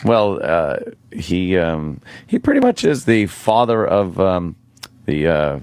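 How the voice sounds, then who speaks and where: A man's voice: low-pitched, very animated, slow pace, darkish tone, smooth, no echo. A man co-hosting a radio talk show, rambling and wry with many fillers on a close studio mic. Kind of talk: casual radio banter.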